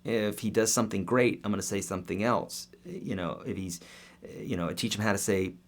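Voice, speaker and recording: A man's voice: fairly low pitch, a little fast. A man in his thirties, a guitar teacher answering viewer questions in a casual, upbeat live-stream lesson. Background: guitar playing.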